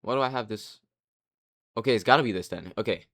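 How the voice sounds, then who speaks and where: A young man giving casual commentary, rambling and excitable, with frequent restarts and casual swearing. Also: fairly low pitch, fast. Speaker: anime commentary creator.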